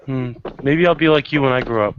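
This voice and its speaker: A man's voice: mid-range voice, a little fast, slight background noise, voice pushed up, lightly acted. A towering but childlike horned fae in a tabletop game, voiced by a man. He sounds eager and naive, his voice lifted above the player's own. The recording is slightly dull and muffled. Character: big childlike male horned fae, innocent.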